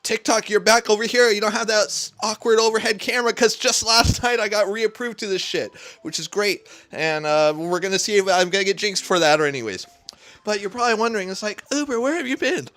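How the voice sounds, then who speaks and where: A man's voice: sits high, brisk, fairly bright tone. A young man chatting through a casual cooking livestream from a home kitchen, rambling, swearing a lot and sounding hyped. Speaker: cooking streamer. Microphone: neck-mounted camera.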